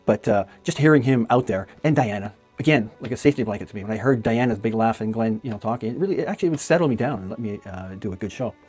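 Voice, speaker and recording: Fast-talking man telling fond stories. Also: on the low side, a little mellow, husky, faint music behind. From Canada. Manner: fond, chatty storytelling with frequent laughs. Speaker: magician paying tribute to a late friend. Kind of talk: casual spoken memorial tribute.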